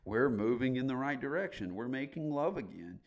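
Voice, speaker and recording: A man's voice: medium pitch, expressive, fairly quick, dull audio. A middle-aged man as a podcast guest, candidly telling his story in a blunt, emphatic way and swearing casually.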